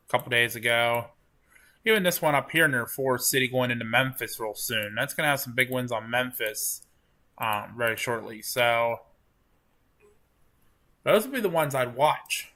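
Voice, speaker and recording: Male live-stream host, bright voice of middle pitch, loose and chatty with his viewers. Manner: relaxed, rambling, chatting with viewers. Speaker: livestream storm chaser host. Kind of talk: casual live-stream commentary. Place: at home on a couch.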